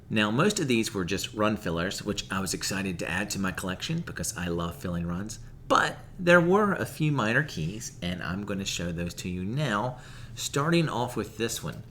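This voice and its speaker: A man hosting a comic book channel, telling a story to camera in a relaxed, conversational way, wryly amused. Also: lowish voice, slight background noise.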